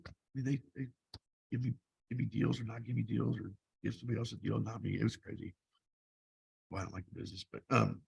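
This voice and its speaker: A man's voice: mid-range voice, vocal fry, a little mellow, breathy edge, no echo. A man in his fifties, a life coach, telling his own story in a blunt, profane, rambling way. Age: 50s. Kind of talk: casual personal storytelling.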